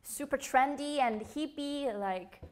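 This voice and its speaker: Young woman, high voice, giggly and chatty, live-stream host reading comments. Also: slow. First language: Korean. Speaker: host of a live quiz show.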